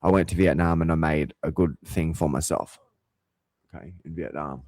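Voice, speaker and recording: A man's voice: a bass voice, fairly even intonation, normal speed, darkish tone, dry recording. A man hosting his own show, talking in a heated, profane, rambling monologue full of restarts and swearing. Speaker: show host.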